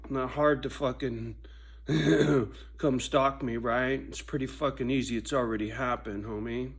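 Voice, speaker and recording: A man in a profane casual monologue, swinging from a loud, preachy rant to low muttering. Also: fairly even intonation, a little slow, husky. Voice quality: swears constantly, preachy and intense. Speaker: vlogger.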